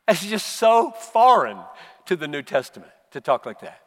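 An American preacher in his seventies delivers a sermon with a fairly high, reedy voice. He builds to impassioned, emphatic bursts, then sinks back to low, quiet reflection. His voice rings out with a long reverb from a large conference hall. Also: sing-song, moderate pace. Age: 70s. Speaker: pastor.

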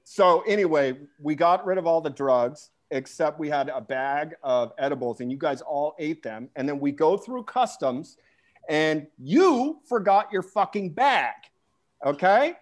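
Guy on a comedy podcast, kinda high voice, rambling funny story, swears a lot. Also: unhurried. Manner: animated, acts out voices in anecdotes, profane. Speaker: podcast co-host.

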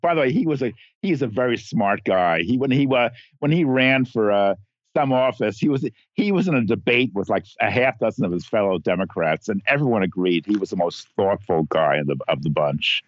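A man's voice: fairly low pitch, animated, fairly quick, no room sound, dull audio. A man appearing as a guest journalist, talking bluntly in a casual political chat, often restarting his sentences.

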